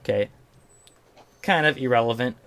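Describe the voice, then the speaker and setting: A man's voice: medium pitch, moderate pace, creaky, fairly bright tone. Podcast host guy reading headlines and riffing, loose and jokey. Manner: rambling, joking, reading out news headlines. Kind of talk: casual chat.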